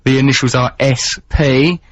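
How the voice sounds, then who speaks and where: A man's voice: mid-range voice, steady tone, normal speed, no echo. A man with an Essex accent hosting a radio show, chatting in a florid, wordy, teasing way. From England, Essex. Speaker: radio host. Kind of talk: playful radio chat. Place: radio studio. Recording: dull, dry radio studio sound.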